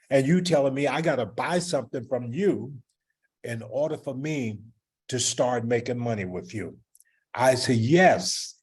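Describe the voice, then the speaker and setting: A man's voice: mid-range voice, darkish tone. A man who works as a direct sales recruiter tells an anecdote, acting out both sides of the conversation and chuckling at his own story. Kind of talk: storytelling talk.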